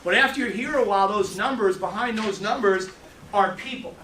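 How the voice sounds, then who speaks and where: High-voiced New man, echoey room. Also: fairly quick, distant mic, a little hiss or hum. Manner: animated storytelling, repeats words. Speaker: financial services trainer. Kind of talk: training talk to a room.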